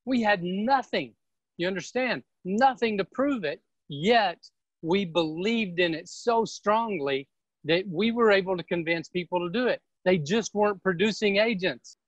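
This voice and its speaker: A man, a real estate team leader, giving an energetic and emphatic motivational seminar talk. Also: high-pitched, a little slow, no room sound, dull audio.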